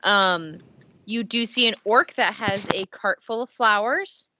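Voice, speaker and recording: A woman's voice: medium pitch, unhurried, noisy background. A woman narrating a tabletop game as game master, describing the scene loosely with many fillers.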